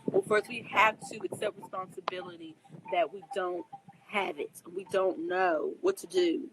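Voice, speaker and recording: This astrologer has a fairly low voice and talks at a normal speed in a very noisy recording. In a casual spoken monologue, she advises her viewers directly, earnestly and emphatically, somewhat preachy, openly emotional and often asking if they understand.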